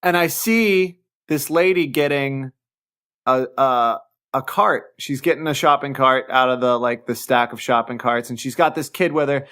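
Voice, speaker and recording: A young adult man hosting a podcast, telling a story in a casual, animated way with plenty of swearing and laughter. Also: medium pitch, normal speed, smooth. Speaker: podcast host.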